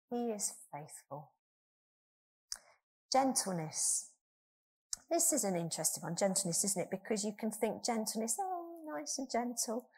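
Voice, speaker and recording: A woman's voice: on the low side, darkish tone, husky. A middle-aged woman preaching a sermon to her church, earnest and asking the congregation questions.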